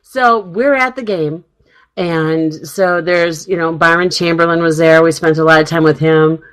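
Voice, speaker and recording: A woman's voice: sits low, steady tone, measured pace, low-quality recording. A woman co-hosting a radio talk show, telling stories casually, laughing often and acting out the lines of people in her stories. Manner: chatty storyteller, laughs often, acts out quoted dialogue.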